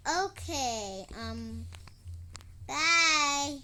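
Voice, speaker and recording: A young girl narrates her own role-play game and talks to an in-game duck, casual, dramatic, giggly and easily startled. Her voice sits high with big pitch swings, very slow, with background noise.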